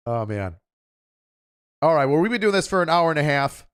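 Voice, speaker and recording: A man's voice: on the high side, sing-song, normal speed, clear, resonant tone. A man hosting a livestream, chatting casually in a rambling, offhand way. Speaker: livestream host.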